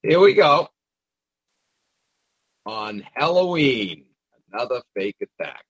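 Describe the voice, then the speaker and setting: Male commentator, mocking and rambling, raspy edge, animated pitch. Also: slow, no echo, low-quality recording. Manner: sarcastic, mocking asides; rambling with frequent hesitations. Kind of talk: casual monologue commentary.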